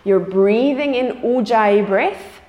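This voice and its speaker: A woman's voice: on the high side, slow pace, lo-fi sound. A woman teaching a live yoga class, guiding students and checking in with frequent "okay"s. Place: yoga studio. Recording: echoey studio with long reverb.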